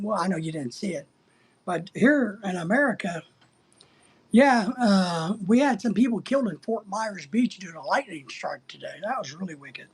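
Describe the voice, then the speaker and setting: Middle-aged man, husky voice, crude and jokey, rambling live chat. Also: sits high, darkish tone. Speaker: livestream host reading chat.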